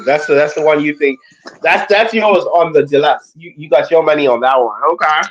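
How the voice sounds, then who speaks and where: A man hosting a casual chat show, animated and playful, often laughing and swooping up into high squeals. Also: fairly quick, dull audio, slight background noise. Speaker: podcast host.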